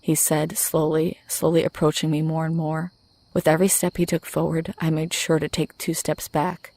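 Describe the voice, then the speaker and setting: A woman narrating a true horror story in a steady, scripted storytelling voice. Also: low voice, moderate pace.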